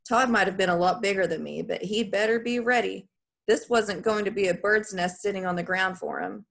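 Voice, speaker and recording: A woman's voice: mid-range voice, brisk, vocal fry, a bit bright. A woman narrating a first-person story in a plain, folksy storytelling way. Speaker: audiobook narrator.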